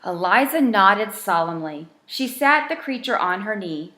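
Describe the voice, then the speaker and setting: A woman reading a rhyming bedtime storybook aloud with a gentle, rhythmic delivery. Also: medium pitch, expressive, a little slow, a little hiss or hum.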